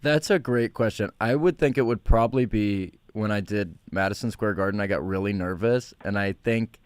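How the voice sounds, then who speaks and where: A male comedian telling stories in a casual chat, animated and self-deprecating. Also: lowish voice, normal speed, clear, resonant tone, dry recording. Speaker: guest comedian.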